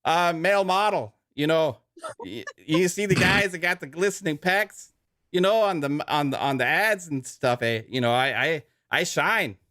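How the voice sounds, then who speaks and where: A man's voice: lively intonation, normal speed, no echo, clean studio sound. Man putting on a hammy Canadian ad voice. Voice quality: exaggerated Canadian accent ending lines with 'eh'. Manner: joking, playful, slightly higher and louder.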